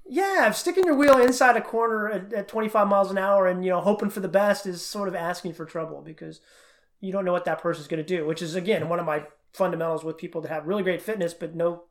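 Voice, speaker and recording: A middle-aged man, a cycling coach, talking quickly and animatedly as a podcast guest. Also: high voice. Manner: talks fast, animated storytelling. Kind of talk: casual interview chat.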